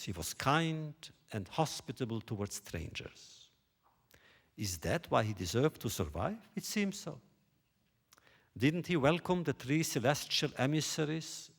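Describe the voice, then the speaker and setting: Slow, questioning male lecturer. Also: medium pitch. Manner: rhetorical questioning, deliberate. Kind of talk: lecture on biblical text. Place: lecture hall stage.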